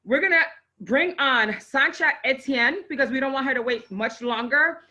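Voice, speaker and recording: A woman hosts her own live online show with a bright, fairly high voice. She gushes and exclaims, emotional and close to crying as she talks to her viewers and brings on a guest. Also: normal speed, highs cut off. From Haitian parents. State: on the verge of tears. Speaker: host.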